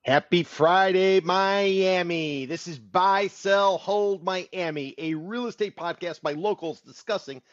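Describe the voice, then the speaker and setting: A man's voice: high voice, slow, few pauses, no echo. Man, podcast co-host, upbeat casual talk, dry close mic, slightly muffled sound. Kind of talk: casual chat. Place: studio.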